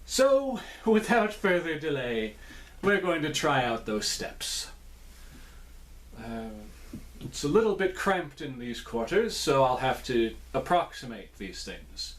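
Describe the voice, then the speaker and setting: A man's voice: mid-range voice, expressive, measured pace. A man reviewing cereal in a casual vlog from a small indoor room, with playful, jokey asides.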